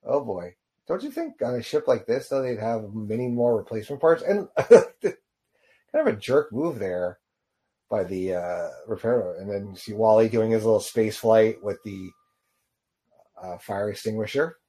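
A man with a fairly low voice talks casually through a short film as he watches it. He rambles and halts often, filling his pauses with ums and uhs. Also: expressive, dark tone. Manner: rambling, halting with many fillers. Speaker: video reactor. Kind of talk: casual reaction commentary.

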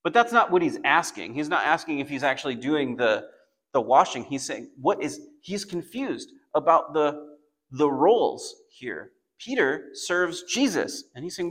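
A man teaching a Bible passage in a conversational sermon, rising into animated bursts as he retells the story. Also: medium pitch, moderate pace. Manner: conversational, animated when voicing Peter.

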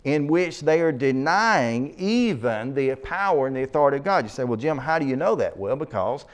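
A man's voice: mid-range voice, sing-song, normal speed. A man preaching an expository sermon, reading scripture aloud with rising emphasis and breaking off to explain the verses. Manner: asks the listeners to turn to passages.

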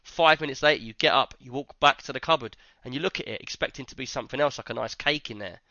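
A man's voice: medium pitch, fast talker, bright, forceful tone, no room sound, muffled recording. A man hosting a casual podcast, rambling and joking as he tells stories. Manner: rambling, jokey storytelling. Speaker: podcast host. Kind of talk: casual chat.

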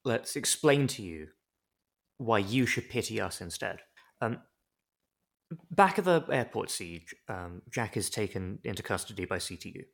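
A man co-hosting a comedy podcast, recapping a show in a wry, deadpan way. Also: lowish voice, unhurried, gravelly. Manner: wry, deadpan, chatty with digressions. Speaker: podcast co-host.

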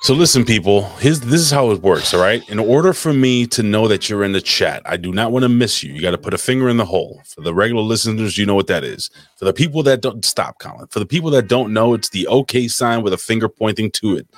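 A man's voice: fairly low pitch, animated, fast, hardly any pauses. A man co-hosting a live podcast, bantering loosely and swearing while reading out chat names. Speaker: podcast co-host.

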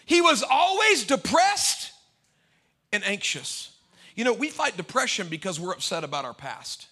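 A man preaching a sermon as pastor to a congregation, animated and humorous, swinging between loud outbursts and quiet asides. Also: sits high, unhurried, husky. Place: church before a live congregation.

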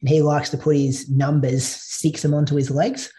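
Male host, mellow tone, slightly higher voice, easygoing storyteller. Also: flat delivery, moderate pace. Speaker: podcast host. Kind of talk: podcast conversation.

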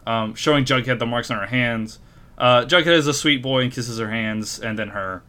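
Male co-host, bright tone, summarizes plot in relaxed chat with fillers. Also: medium pitch, moderate pace, clear, resonant tone. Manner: reads plot summary with many ums and uhs. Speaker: podcast co-host recapping episodes. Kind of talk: casual recap chat.

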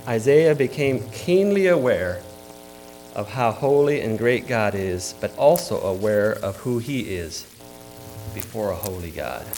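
A man preaching a sermon in a conversational way, with fillers and questions to the audience, swinging from loud exclamations to quiet asides. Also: lowish voice, animated, a little slow, slight background noise. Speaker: pastor.

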